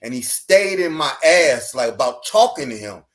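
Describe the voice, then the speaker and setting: A man, a podcast guest, telling a personal story in an animated, lively way, often laughing. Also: mid-range voice, moderate pace, background noise. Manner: lively, laughing, acts out dialogue in his story.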